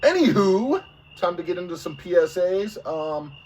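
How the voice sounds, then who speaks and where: A man's voice: fairly high pitch, fairly even intonation, moderate pace, a little mellow. A man co-hosting a laid-back sports podcast. He talks in a blunt, joking way and swears casually. He sounds a bit far from the mic, with faint noise underneath. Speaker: podcast co-host.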